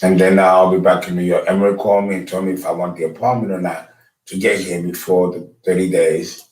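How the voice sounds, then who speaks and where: Brief: deepish man, loose rambling talk, lots of ums and restarts, astrologer host. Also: little pitch movement, fairly quick, darkish tone, rough recording. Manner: rambling, with many fillers and restarts. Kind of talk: casual lecture and phone call.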